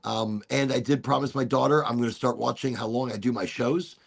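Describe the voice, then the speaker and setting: A man's voice: mid-range voice, fairly even intonation, fairly quick, gravelly. A middle-aged man hosting a casual podcast, telling rambling stories full of restarts and repeated words. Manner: rambling, storytelling with many restarts. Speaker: podcast host. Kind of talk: casual chat.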